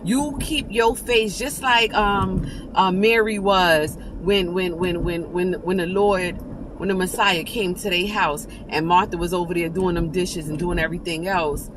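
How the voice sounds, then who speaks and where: A woman's voice: on the low side, steady tone, measured pace, noisy background. A woman giving an informal devotional talk, fervent and conversational, often restarting and turning to her listeners. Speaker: preacher sharing an encouraging message with viewers.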